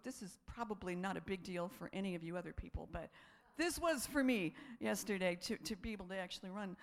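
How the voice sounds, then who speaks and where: A woman preaching a sermon, telling a personal story in an animated way, laughing often and acting out her own thoughts. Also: mid-range voice, brisk, gravelly.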